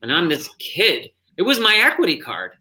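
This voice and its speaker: Male stage actor, interview guest, bright tone, animated storytelling, self-interrupting. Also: on the high side, normal speed.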